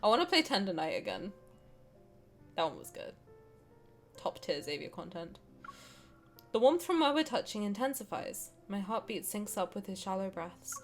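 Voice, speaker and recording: A young woman streaming, reading a game aloud and reacting with excited, swearing banter. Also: medium pitch, moderate pace, pauses often, soft background music.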